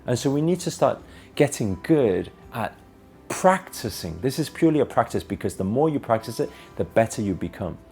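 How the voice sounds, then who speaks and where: A man's voice: low voice, darkish tone. A man who teaches spirituality, giving an earnest motivational talk with conversational asides.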